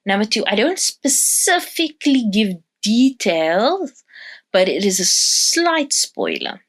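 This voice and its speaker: A woman introducing her podcast episode, speaking directly and warmly to her listeners. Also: medium pitch, wildly swooping pitch, slow pace, husky. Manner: friendly, addresses listeners directly. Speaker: podcast host.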